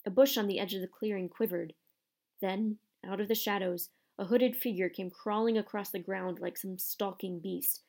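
A woman reading a storybook aloud in a steady, expressive narration. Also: mid-range voice, normal speed, gravelly. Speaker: audiobook narrator.

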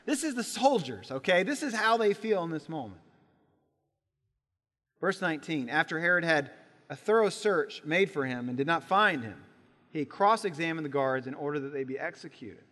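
A man preaching a sermon in a church, telling a Bible story with lively acted-out voices. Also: fairly high pitch, normal speed. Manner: animated storytelling, acts out voices in quotes. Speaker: pastor. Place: church sanctuary. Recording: church sanctuary with long reverb.

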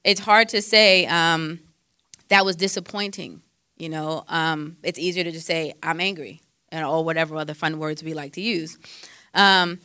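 A woman's voice: fairly low pitch, sharp tone, clean tone, no echo, studio quality. A woman counselor giving faith-based advice in a conversational way, quoting scripture and using frequent fillers.

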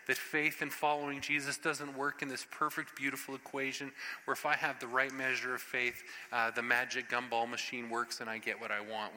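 A man preaching a sermon in an animated, conversational way, acting out scripture scenes. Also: mid-range voice, long reverb tail, low-quality recording.

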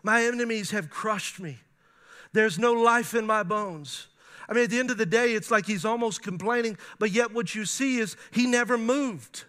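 A male pastor preaching to a congregation in an animated style, with playful asides and laughter. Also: sits high, normal speed, smooth. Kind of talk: sermon. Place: church before a congregation.

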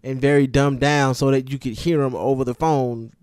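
A man in casual, profane conversation about hip-hop songs, animated and given to building up his points. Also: medium pitch, moderate pace. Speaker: podcast co-host.

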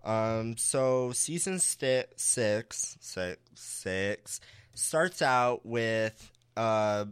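A man's voice: medium pitch, expressive, very slow, clear, resonant tone, no echo, studio quality. A young man co-hosting a podcast, recapping a show in casual chat with sassy asides and frequent laughs. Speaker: podcast co-host.

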